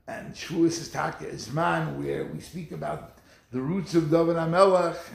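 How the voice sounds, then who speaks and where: Man, sermon, lively storytelling, slightly high voice. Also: vocal fry, reverberant. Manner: animated storytelling with acted quotes. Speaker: rabbi.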